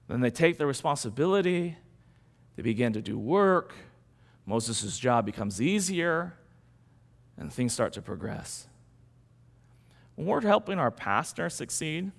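A man pastor preaching a sermon in an animated, conversational way, posing rhetorical questions to his congregation. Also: mid-range voice, unhurried, gravelly, long pauses.

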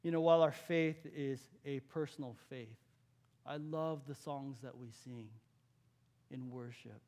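A man from California, preaching a sermon in a conversational way, asking his listeners questions and dropping to a hush for key points. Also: medium pitch, a little slow. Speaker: pastor.

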